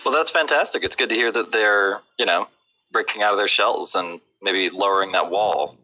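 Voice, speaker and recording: Easygoing man, lowish bright voice, upbeat guest, lo-fi voice chat. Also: normal speed. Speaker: guest joining the stream. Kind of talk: casual chat on a game stream. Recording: dull lo-fi voice chat audio.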